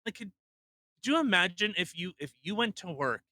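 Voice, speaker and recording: Young guy podcast cohost, high voice, swears a lot, mocks people, super dry sound. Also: animated, brisk, pushed and bright, dry recording. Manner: blunt, swearing, mocking impressions. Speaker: podcast co-host. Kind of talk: casual opinionated chat.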